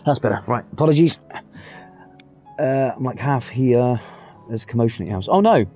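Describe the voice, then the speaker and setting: A man's voice: mid-range voice, lively intonation, normal speed, warm tone, faint music behind. A British man chatting casually and swearing freely as he streams a game. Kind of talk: casual live gameplay commentary.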